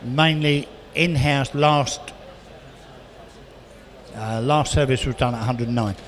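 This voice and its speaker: A man working as an auctioneer, calling bids quickly and adding chatty asides about each car. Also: medium pitch. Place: auction hall, indoors. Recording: reverberant hall with faint noise.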